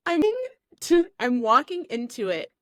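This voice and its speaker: A woman in her forties hosting a podcast, chatting casually and telling stories in an animated way, acting out what people said. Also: a little high, dry recording. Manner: animated storyteller who acts out quotes. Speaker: podcast host. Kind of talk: casual chat.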